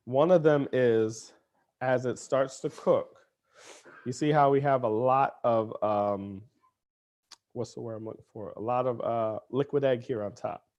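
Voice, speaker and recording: A man's voice: medium pitch, fairly even intonation, unhurried, a little mellow. A man hosting a cooking demonstration in a kitchen, talking in a playful, chatty way as he cooks. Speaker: cooking show chef.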